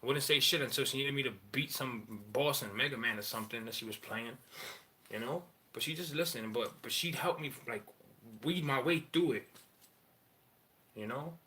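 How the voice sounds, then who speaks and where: Profane, rambling man with a bright voice. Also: medium pitch. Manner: rambling, profane, halting with many fillers. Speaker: father sharing personal story. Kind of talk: candid personal monologue.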